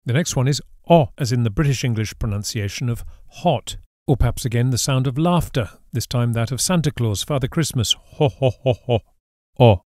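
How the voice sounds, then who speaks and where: Brisk and hardly pausing, a man with a medium-pitched, slightly mellow voice narrates a scripted Spanish lesson. Despite the pace, he explains patiently and carefully models each example word's pronunciation, and the audio is echo-free studio quality.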